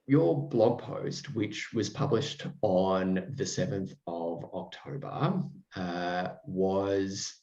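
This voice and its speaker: A low-pitched, darkish-toned podcast host talks extremely slowly and hardly pauses. His casual chat with a guest is effusive and rambling, with frequent fillers and restarts, recorded in a roomy, dull space.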